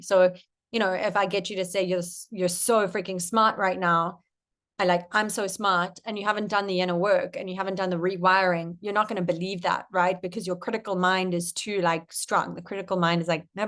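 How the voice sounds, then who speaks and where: A young woman coach giving a casual masterclass to camera, chatty and swearing casually. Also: medium pitch.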